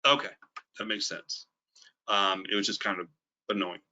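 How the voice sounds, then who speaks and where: A man's voice: lowish voice, normal speed, pushed and bright. A middle-aged man giving a conversational, emphatic business presentation on a video call, repeating his key points. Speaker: network marketing presenter. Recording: dull lo-fi video call audio.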